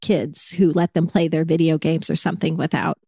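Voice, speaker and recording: Woman telling travel stories, mellow dry voice. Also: sits low, a little fast, vocal fry, breathy edge, no room sound. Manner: animated storyteller, acts out quoted people. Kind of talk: casual chat.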